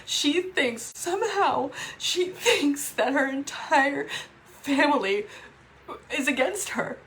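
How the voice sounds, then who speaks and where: A woman talking to camera in a raw, emotional vlog, upset and swearing, with halting restarts. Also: high voice, expressive, fairly bright tone. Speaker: vlogger.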